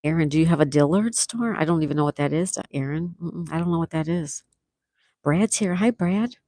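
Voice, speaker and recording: Chatty gravelly woman reading comments. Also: sits low, fairly quick, dark tone, dry recording, rough recording. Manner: chatty, reads viewer comments aloud and answers them. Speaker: livestream host. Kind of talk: casual livestream chat reading comments.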